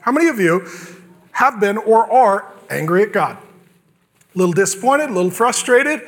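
A man's voice: sits high, animated, moderate pace, long pauses, a bit bright. A male pastor preaching a sermon with humor, acting out biblical characters in quoted asides.

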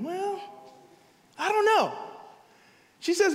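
A male pastor preaching a sermon in a conversational, animated way, full of rhetorical questions. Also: very high voice, a little slow, pauses often, long reverb tail. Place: church sanctuary.

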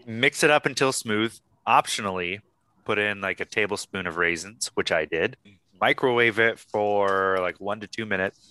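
A man's voice: lowish voice, normal speed, pushed and bright, clean tone, no room sound. A man hosting a casual podcast chat, rambling and swearing freely as he talks. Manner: chatty, profane, rambling asides. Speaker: podcast host.

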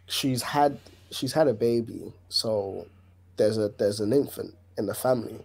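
A man's voice: fairly low pitch, a little slow, vocal fry, a little mellow. A man with a London accent, co-hosting a casual podcast chat and talking in an emphatic way that repeats his points. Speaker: podcast co-host.

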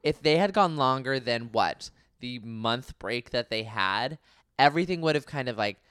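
A man hosting a podcast in casual chat, excitable and jokey. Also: medium pitch, normal speed, smooth, no room sound, studio quality. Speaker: podcast host.

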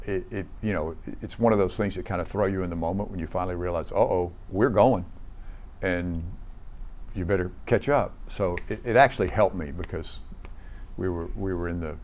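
A man's voice: sits low, darkish tone. A man recalling a film shoot in a casual, rambling way with many restarts. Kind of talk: casual anecdote.

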